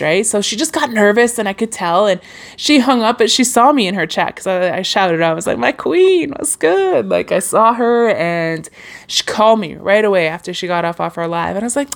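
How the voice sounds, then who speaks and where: A young woman hosting her own podcast, talking casually and encouragingly into a microphone with lots of fillers and restarts. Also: mid-range voice. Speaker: podcast host. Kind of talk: casual solo podcast monologue.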